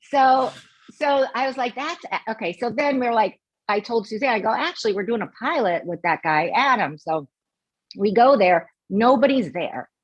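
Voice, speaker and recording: A middle-aged woman, a podcast guest, telling an animated story in casual chat and acting out what people said. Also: a little high, normal speed, slightly rough, no echo, highs cut off. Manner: animated, acts out quoted dialogue.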